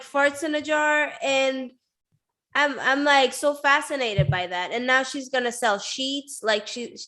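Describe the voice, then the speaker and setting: A woman's voice: a little high, bright, forceful tone. A woman hosting a casual interview, chatty and giggly, with lots of filler words. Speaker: host.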